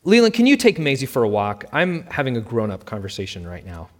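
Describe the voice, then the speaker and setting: A man's voice: mid-range voice, wildly swooping pitch, fairly quick. A man reads as a bitter divorcing mother who snaps and insists, her lines slightly raised and clipped. Her voice rings out in a hall with a long tail of reverb. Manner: snappy, emphatic.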